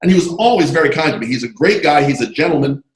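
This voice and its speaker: A man being interviewed about his screenwriting career, telling animated, digressive stories full of asides over a video call. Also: on the high side, rapid-fire, echoey room, rough recording. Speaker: interview guest, screenwriter and comic artist. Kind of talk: casual anecdotal storytelling.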